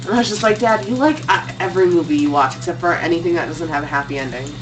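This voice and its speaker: A woman's voice: lowish voice, fast talker, recorded from a distance, slight background noise, poor audio. A young woman chatting casually and teasing, telling crude family stories with lots of energy. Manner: animated, crude and teasing storyteller. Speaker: streamer's sister. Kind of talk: casual chat.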